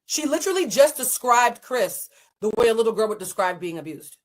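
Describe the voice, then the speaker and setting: Fast-talking blunt woman life coach. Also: fairly high pitch. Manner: blunt, animated, emphatic. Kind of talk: casual commentary chat.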